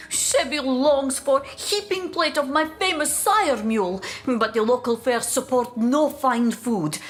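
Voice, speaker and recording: A sour, zealous game character who mangles her English, dropping articles as she grumbles. Her voice sits a touch high, her delivery slow and heavy, with faint game music beneath. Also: a bit bright. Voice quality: foreign-sounding broken English, dropped articles. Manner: grumbling, bitter, vengeful. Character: gruff zealous woman in broken English. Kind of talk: video game voice acting.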